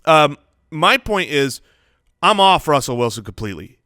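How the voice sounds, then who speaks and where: A man co-hosting a fantasy football podcast, animated and playful, joking between stats. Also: fairly high pitch, normal speed, no echo, studio quality. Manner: animated, playful, jokes and sings snippets. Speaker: podcast co-host.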